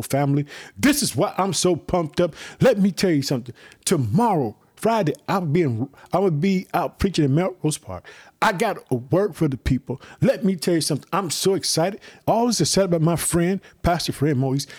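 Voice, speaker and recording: Exuberant preacher with a husky voice. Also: male voice, on the high side. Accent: Chicago. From United States. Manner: exuberant, repeats "let me tell you something". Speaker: preacher and podcast host. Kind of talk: excited devotional sermon.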